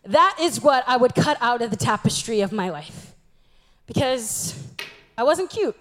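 A woman's voice: fairly high pitch, lively intonation, a little slow, slight background noise. A young woman giving a humorous church talk, telling stories about herself in a chatty, self-mocking way. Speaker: youth speaker.

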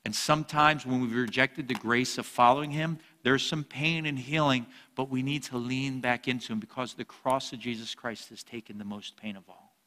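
Bright-voiced pastor in a reverberant hall. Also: male voice, mid-range voice, moderate pace. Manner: lively storyteller, jokey, swings loud and soft. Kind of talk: sermon with personal story.

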